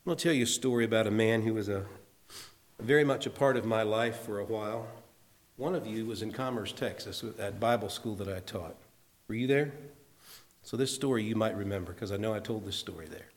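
A man preaching in an earnest, conversational way, telling a personal story and slowing down to stress a point. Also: fairly low pitch. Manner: earnest, conversational, slows for emphasis. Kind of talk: sermon storytelling.

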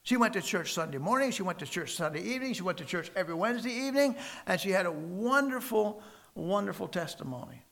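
A man voicing an angry, grieving man who shouts at God, with loud and anguished outbursts. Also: high voice, expressive, quick pace, creaky, heavily acted. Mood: bitter.

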